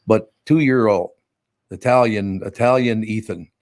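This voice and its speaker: A man's voice: on the low side, unhurried, a little mellow, no room sound, studio quality. A man hosting a casual radio chat, folksy and emphatic, laughing easily.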